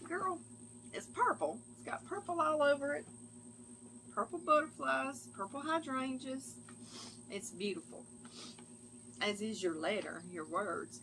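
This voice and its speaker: A woman's voice: high voice, animated, a little slow, pauses often, fairly bright tone, slight background noise. A middle-aged woman, chatting affectionately as she reads viewer mail on her channel. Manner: chatty and affectionate, often calls listeners "girl" and "y'all". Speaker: cooking channel host. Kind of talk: casual chat reading viewer mail.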